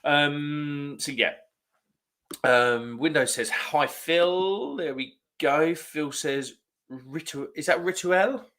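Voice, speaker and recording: A man's voice: fairly high pitch, animated, slow, fairly bright tone. A man hosting a casual beer-review live stream, chatting in a rambling way and reading viewer comments aloud.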